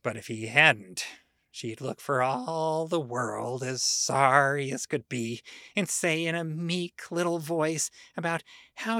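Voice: medium pitch, slow pace, no room sound, clean studio sound. A storyteller giving a dramatic monologue reading, wry and gossipy, changing tone for quoted speech. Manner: expressive, shifts tone for quoted speech.

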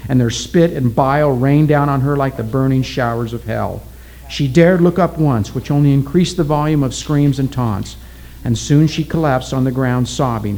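A man narrating a story aloud in a steady, deliberate reading style. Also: mid-range voice, low-quality recording.

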